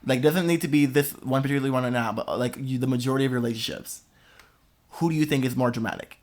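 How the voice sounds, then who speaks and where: A young man hosting a podcast in casual chat, expressive and dramatic, laughing often. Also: mid-range voice, rapid-fire. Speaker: podcast host.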